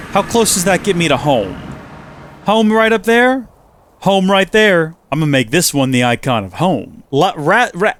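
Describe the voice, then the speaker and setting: A man's voice: medium pitch, dry recording. A man hosting a gaming channel, giving let's play commentary and exclaiming and talking to himself as he plays. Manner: animated, exclaims and talks to himself while playing.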